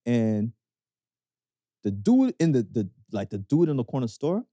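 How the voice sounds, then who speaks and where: A man with a Canadian accent co-hosting a podcast. He tells stories with lively swings in pitch, and his voice is dark and mellow. The recording is dry and close. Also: measured pace, no echo. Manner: expressive storyteller, drops into low voices for quotes. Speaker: podcast co-host. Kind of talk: casual storytelling chat.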